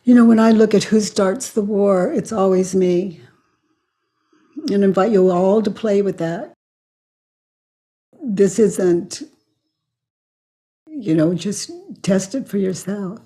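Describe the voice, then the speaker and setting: An older woman slowly and calmly guiding a client through self-inquiry with probing questions. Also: medium pitch. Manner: slow, calm and questioning, acts out quoted lines. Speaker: facilitator of self-inquiry sessions.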